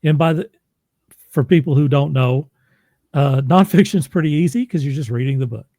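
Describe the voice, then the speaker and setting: A man's voice: on the high side, moderate pace, warm tone, no room sound. A man from Oklahoma, a podcast host and audiobook narrator, chatting casually and laughing easily. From Oklahoma, USA. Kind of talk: casual interview chat.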